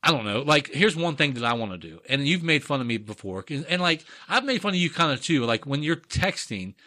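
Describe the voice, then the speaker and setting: Rambling middle-aged man, bright tone. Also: medium pitch, sing-song. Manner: rambling, halting restarts. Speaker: podcast co-host. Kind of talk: casual crude banter.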